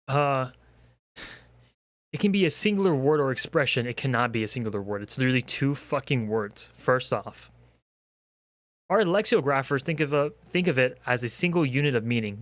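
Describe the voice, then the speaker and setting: A man's voice: medium pitch, animated, normal speed, pauses often, dry recording. A young man in a comedic rant, exasperated and profane, firing off rhetorical questions. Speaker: commentary creator.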